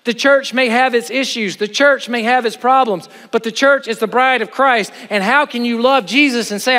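A middle-aged man preaching a sermon to a chapel audience, animated, with joking asides and rhetorical questions. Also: very high voice, normal speed, hardly any pauses. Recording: hall with long reverb.

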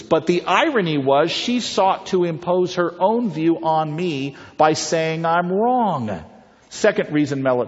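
A man giving a persuasive public talk, telling stories and putting rhetorical questions to his audience. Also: fairly high pitch. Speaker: pro-life speaker. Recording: reverberant, dull lo-fi hall recording.

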